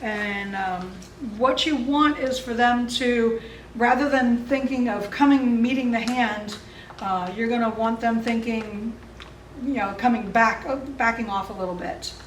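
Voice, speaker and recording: A woman's voice: fairly high pitch, a little slow, a little hiss or hum. A woman dog training instructor explaining exercises in a friendly, easygoing way, chuckling often. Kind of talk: instructional seminar talk. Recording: roomy, distant mic.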